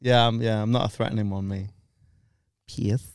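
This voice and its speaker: A man talks in loose, rambling podcast banter, swearing freely and breaking into laughs. His voice is smooth and resonant, and the sound is dry and close, with no room around it. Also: fairly low pitch, fairly even intonation, fast, dry recording. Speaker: stand-up comedian, podcast guest. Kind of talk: casual banter.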